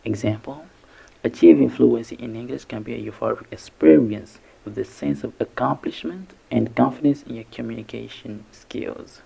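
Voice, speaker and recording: Very gravelly, dark-voiced male teacher. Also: mid-range voice, rough recording. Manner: breaks words into syllables slowly and carefully. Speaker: English teacher. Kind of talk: vocabulary lesson narration.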